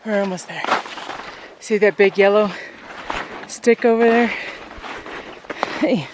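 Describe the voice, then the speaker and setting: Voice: mid-range voice, slow pace, noisy background. A vlogger talking casually to viewers while hiking up a snowy mountain slope, out of breath from the climb and laughing often. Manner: chatty, addresses viewers directly, laughs often. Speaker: vlogger showing their land. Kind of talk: casual walk-and-talk to camera. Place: outdoors on a snowy mountain hillside.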